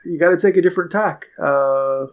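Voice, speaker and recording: A man's voice: fairly high pitch, normal speed. A man co-hosting a podcast, joking and chuckling in casual chat. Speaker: podcast co-host.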